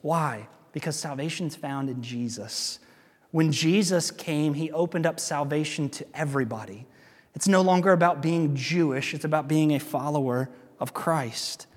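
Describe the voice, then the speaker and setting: Male pastor, conversational sermon delivery, emphatic repeats, slightly high voice. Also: normal speed, in a large hall. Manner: conversational preaching, emphatic repetition.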